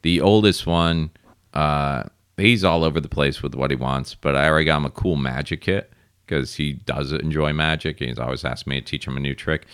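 Man, low voice, casual podcast chat, animated storyteller. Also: moderate pace, smooth, dry recording, clean studio sound. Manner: animated storytelling, mimics people in high voices. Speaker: podcast co-host.

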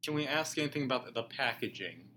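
A man's voice: medium pitch, lively intonation, fast, bright, forceful tone, slight background noise. A man in casual chat who swears casually.

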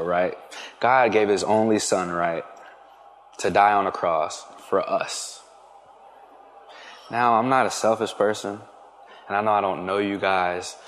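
A young man speaking to an audience, giving a casual faith testimony full of fillers and restarts. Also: medium pitch. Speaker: guest speaker. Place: hall with an audience. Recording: reverberant hall.

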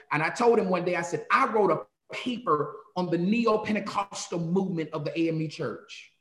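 Animated pastor with a high voice. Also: male voice, roomy sound. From North Carolina. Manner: animated storyteller, shifts into sermon cadence. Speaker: pastor, guest. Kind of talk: conversational interview, preacherly.

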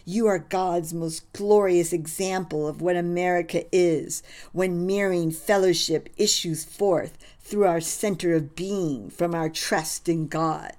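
A woman's voice: fairly low pitch, steady tone, unhurried, hardly any pauses, a little mellow, close to an everyday voice. A woman voicing a grave army general who speaks earnestly to his men. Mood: solemn. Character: man, an army general addressing his boatmen, solemn.

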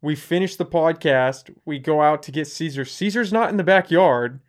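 A man's voice: on the high side, moderate pace. A young man hosting a podcast, telling a story animatedly and acting out what people said. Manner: animated storyteller, acts out quotes. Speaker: podcast host. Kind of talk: casual storytelling.

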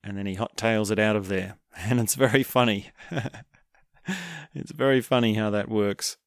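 A man casually recapping a film, telling it with animated energy and acting out the characters' lines with chuckles. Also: lowish voice, normal speed, no echo, studio quality. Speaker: film reviewer.

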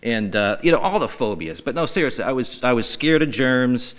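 A man's voice: medium pitch, lively intonation, brisk, a bit bright. A man hosting a podcast, telling rambling, profane and self-mocking stories in a casual way. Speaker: podcast host. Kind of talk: casual storytelling.

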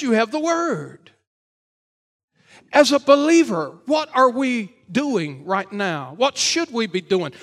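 A man, a pastor, preaching a Sunday morning sermon in church, emphatic and repetitive, rising to shouts and then dropping low. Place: church service.

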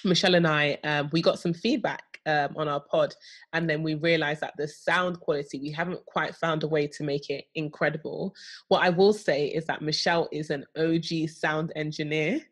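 A young woman co-hosts a podcast in easy, casual chat. Her voice sits a little low for a woman, and she talks in a bubbly, playful way with lots of jokey asides. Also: steady tone, moderate pace. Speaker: podcast co-host.

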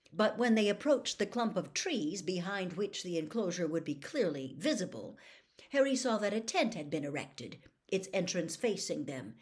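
A woman reading a novel aloud in an expressive, dramatic way, her voice sitting on the low side. She leans into the big moments of the story with lifts and swells.

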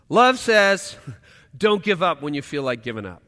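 Guy preaching, high bright voice, goes loud then real quiet, long hall echo. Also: very animated, unhurried. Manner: swings from loud emphatic lines to hushed quiet asides. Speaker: pastor. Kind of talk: sermon.

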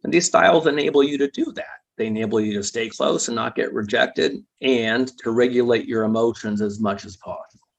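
A man with a husky, breathy voice explains psychology concepts patiently as an interview guest. He keeps checking in with little tag questions. The recording sounds dull and lo-fi. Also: mid-range voice, fairly quick.

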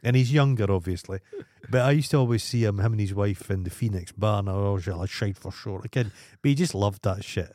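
A Scottish man with a lowish voice tells rambling, profane stories in a casual podcast chat. The sound is dry and close, with no room around it. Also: fast, few pauses, dark tone, dry recording. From Scotland. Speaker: podcast co-host.

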